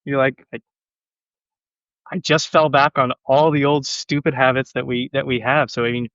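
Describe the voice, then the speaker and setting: Animated man with a muffled, lo-fi sound. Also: mid-range voice, normal speed, dry recording. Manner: animated, self-deprecating storytelling. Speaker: sales executive guest. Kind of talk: casual podcast conversation.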